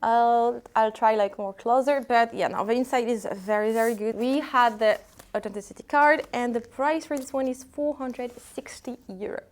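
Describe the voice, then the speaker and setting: A woman's voice: fairly high pitch, normal speed. A woman from France with a French accent, casually showing secondhand bags in a vlog and talking with hesitant, chatty restarts. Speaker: vlogger selling secondhand luxury bags. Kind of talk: casual product showcase.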